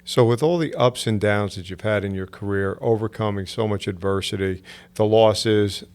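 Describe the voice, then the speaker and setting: A man's voice: lowish voice, moderate pace, a little mellow, smooth. A man hosting a podcast, asking a guest short, curious questions in a casual tone. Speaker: podcast host.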